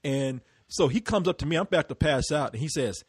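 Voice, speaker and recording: A man from Texas telling stories in a casual chat, animated, laughing often and swearing freely. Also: fairly high pitch, a little fast, slightly rough, dry recording, studio quality.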